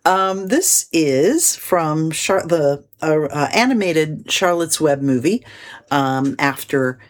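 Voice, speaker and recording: A woman host casually introducing the next segment, halting with fillers and restarts. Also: low voice, animated.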